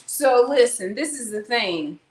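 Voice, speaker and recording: A woman's voice: fairly high pitch, animated, measured pace, darkish tone. Woman rambling to y'all while putting groceries away, echoey kitchen, bit of hiss. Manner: chatty, rambling, talks to viewers as y'all. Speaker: vlogger. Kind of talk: casual chat while unpacking groceries. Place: at home, kitchen. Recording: echoey room, faint noise.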